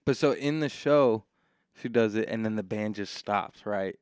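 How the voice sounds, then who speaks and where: A man co-hosting a podcast, talking loosely and excitedly with lots of filler words. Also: lowish voice, unhurried, clean tone, no echo, clean studio sound. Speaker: podcast co-host. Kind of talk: casual chat.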